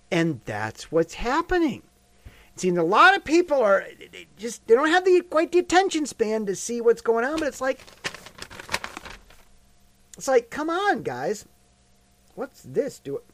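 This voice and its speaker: A man giving a rambling casual commentary monologue, full of restarts and rhetorical questions. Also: high-pitched.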